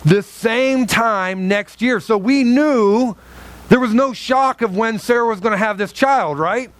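A pastor in a church sanctuary delivers a conversational sermon in an extremely high-pitched voice at a measured pace. He jokes with his congregation, quizzes them, and acts out quotes from the story, all in a dry recording.

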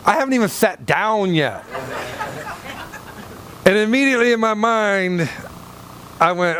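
A pastor's high-pitched, slightly bright voice comes through animated but a little slow, with frequent pauses and some hiss or hum. His rambling sermon blends Bible reading and anecdote as he repeats, restarts, and asks the congregation "Amen?" and "Okay?"

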